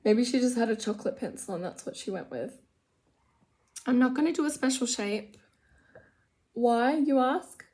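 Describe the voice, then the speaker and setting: A woman talks through her makeup in a loose, rambling way, poking fun at herself and sliding into low mutters. Her voice sits a touch high, and the chat feels unscripted and homely, recorded in her room at home. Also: darkish tone. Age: adult with children. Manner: rambling, chatty, self-mocking, drops to mutters. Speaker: vlogger doing makeup. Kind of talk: casual get-ready-with-me chat.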